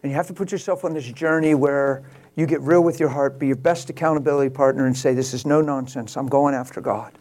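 This sermon comes from a male pastor whose voice is medium in pitch and steady in tone. He narrates a story, alternating soft, slow phrases with loud exclamations.

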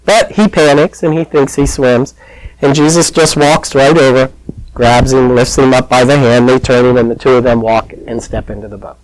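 A man's voice: mid-range voice, steady tone, moderate pace, dry recording, rough recording. A man preaching a conversational sermon, telling the story in a chatty, plain-spoken way.

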